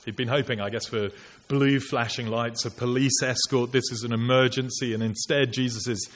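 A man's voice: mid-range voice, fairly even intonation, moderate pace. A man preaching a sermon in an earnest, reflective, conversational way, posing rhetorical questions to his listeners. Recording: long church reverb, faint hiss.

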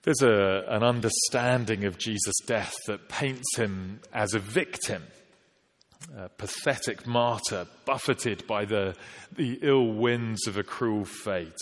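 A man preaching a sermon, measured and emphatic, slowing down to stress quoted scripture. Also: fairly low pitch. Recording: long hall reverb.

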